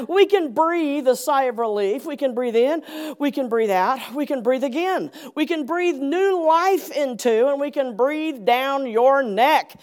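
A woman preaching to her congregation, her high voice leaping up and down with animated emphasis. She takes her time, drawing out phrases and lingering on key words as she reads scripture with playful drama. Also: takes it slowly. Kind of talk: sermon.

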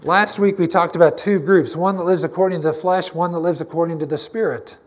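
A man's voice: on the high side, steady tone, a little fast. A man preaching a conversational, emphatic sermon to his congregation, often restarting his phrases. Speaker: pastor.

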